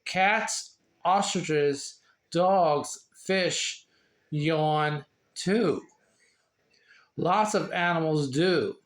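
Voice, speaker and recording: A man reads a children's picture book aloud at a slow, careful pace. His voice sits a little high, and he stumbles and restarts over words as he goes. The room rings with noticeable echo. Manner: slow, halting reading with slips and asides. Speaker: reader sharing a book. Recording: echoey room.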